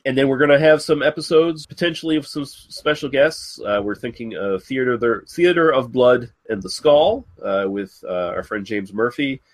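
A man's voice: medium pitch, moderate pace, hardly any pauses. A man hosting a film podcast, chatting casually with many filler words. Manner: easygoing, frequent uh fillers. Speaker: podcast host.

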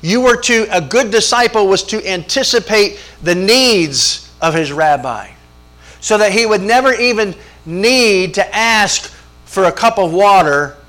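A pastor, preaching a folksy sermon with storytelling. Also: male voice, sits high, animated, a little slow, pushed and bright. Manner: folksy storytelling, acts out voices, chuckles. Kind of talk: sermon with jokes.

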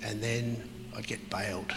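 A man telling his life story as an interview guest, halting and reflective, with many pauses and fillers. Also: lowish voice, level tone, in a large hall, noisy background. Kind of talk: personal testimony in an interview.

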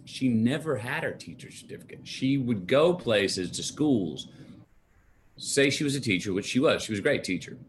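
A man in his fifties with a Texan accent, a guest in a casual interview who tells stories with animated voices and frequent laughter. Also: medium pitch, normal speed, a little hiss or hum. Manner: animated storyteller, laughs often, acts out quoted voices. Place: his home.

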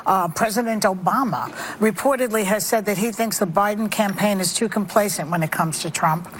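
A woman co-hosting a televised panel show, putting earnest, emphatic questions to a guest. Her voice is mid-pitched, and faint background noise sits under it. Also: fairly quick.

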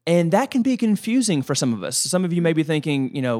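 A man co-hosting a casual faith podcast, talking quickly with stumbling restarts. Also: on the high side. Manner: fast, stumbling restarts, animated. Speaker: podcast co-host.

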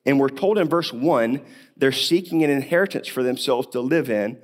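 A man's voice: mid-range voice, moderate pace. Conversational male preacher with a cough. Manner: conversational preaching with rhetorical questions. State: coughing now and then. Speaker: pastor. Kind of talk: sermon.

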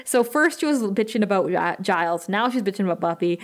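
A woman co-hosting a podcast, casually chatting through a TV episode recap in a lively, talkative way. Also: medium pitch, fairly quick. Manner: chatty, lively retelling with frequent "like" and laughter. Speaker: podcast co-host.

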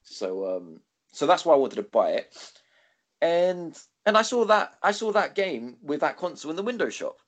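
Chatty male co-host; animated, sweary storyteller with a lively pitch. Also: normal speed. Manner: rambling, swears freely, animated quoting. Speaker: podcast co-host. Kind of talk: casual storytelling chat.

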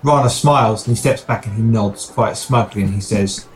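A man's voice: on the low side, normal speed, soft background music, low-quality recording. A man narrating his character's actions in a tabletop game, wry and descriptive, with fillers.

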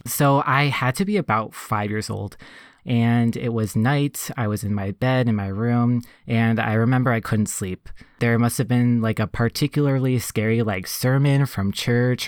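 A man in funeral service casually telling a personal story on a podcast, reflective and relaxed, full of "like" and "you know". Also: medium pitch, no room sound, studio quality.

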